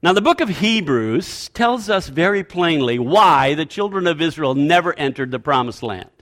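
Emphatic preacher man with lively pitch. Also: normal speed. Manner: emphatic, repeats key phrases, leads the congregation in call-and-response. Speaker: pastor. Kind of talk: sermon.

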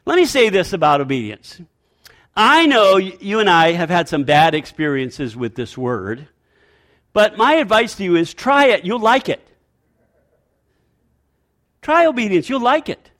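A man's voice: high-pitched, big pitch swings, measured pace, pauses often, a bit bright. A man preaching a sermon as pastor, repeating his key phrases emphatically and leading the congregation in call-and-response.

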